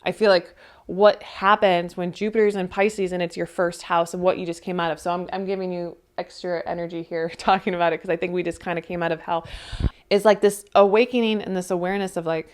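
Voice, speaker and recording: A woman's voice: lowish voice, steady tone, a little fast. A young woman giving a casual astrology reading, talking in a chatty, emotional way with lots of fillers and moments close to tears.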